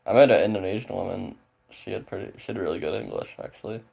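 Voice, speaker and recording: Deep gravelly-voiced rambling man. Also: fast, darkish tone. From Spokane, Washington, USA. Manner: rambling, filler-heavy, swears casually. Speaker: streamer chatting with viewers. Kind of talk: casual chat.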